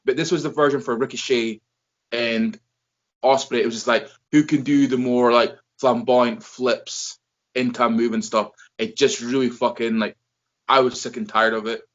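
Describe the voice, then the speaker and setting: With a mid-range voice at a moderate pace, a man hosts an easygoing wrestling chat, swearing and wandering off on tangents in an animated way. The recording sounds dull and lo-fi.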